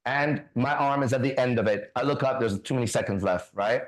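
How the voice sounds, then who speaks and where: A man hosting a faith talk show, telling a story in a casual, profane, animated way and acting out the other voices. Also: medium pitch, a little fast, low-quality recording. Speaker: ministry host.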